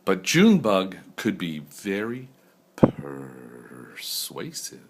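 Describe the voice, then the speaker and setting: Older man, grandfather, storybook reading, expressive, unhurried, low voice. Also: a little hiss or hum. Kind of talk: reading a picture book aloud.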